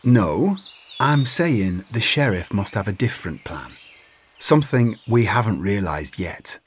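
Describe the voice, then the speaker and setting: A man reading aloud voices a level-headed outlaw leader who speaks slowly and patiently. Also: on the low side, lively intonation, slight background noise, pitched above the performer's own voice. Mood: exasperated.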